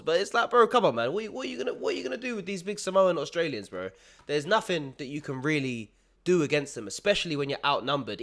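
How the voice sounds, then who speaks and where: A man's voice: mid-range voice, a bit bright. Slangy young man, bro after everything. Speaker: commentator. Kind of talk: casual reaction commentary.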